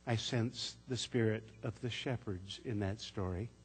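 A man preaching a sermon as pastor, telling a story in a gentle, measured way. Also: on the low side, husky. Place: church sanctuary. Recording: echoey church sanctuary.

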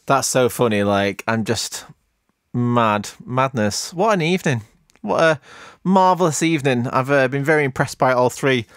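A man's voice: medium pitch, animated, moderate pace, clean tone, no room sound, clean studio sound. A man hosting a podcast, chatting in a playful, jokey way. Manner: playful, jokey, self-mocking. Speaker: podcast host. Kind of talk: casual chat.

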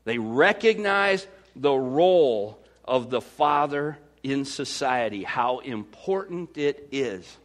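A Midwestern American man preaching a sermon as pastor, swinging from loud to hushed. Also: mid-range voice, animated, takes it slowly, few pauses.

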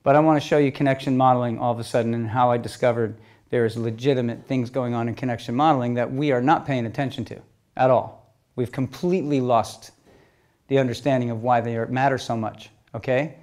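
A man tells stories to an audience in a conversational talk, re-enacting exchanges as quoted dialogue and checking in with listeners through "okay?" and "you know?" His voice is medium in pitch, steady, brisk and a little mellow.

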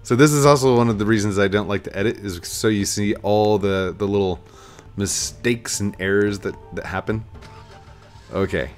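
A man with the sniffles giving casual let's-play commentary at home. He is excitable and bursts into laughter and high yelps. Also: normal speed, faint music behind. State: sniffly, stuffy nose. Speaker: gaming YouTuber.

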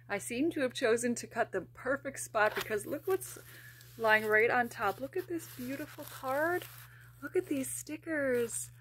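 A woman hosts a casual unboxing vlog with a middle-pitched voice. She gushes over each item and breaks into soft laughter as she gets emotional. Faint noise sits under the recording. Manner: gushing, emotional, often laughing softly. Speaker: plush collector vlogger.

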